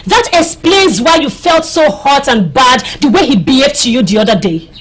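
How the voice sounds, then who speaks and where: A woman's voice: sits high, animated, moderate pace, breathy edge. A Nigerian actress playing a playful young village girl who teases her friend in a chatty way. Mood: teasing. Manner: teasing, chatty, laughing. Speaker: actor. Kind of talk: film drama acting.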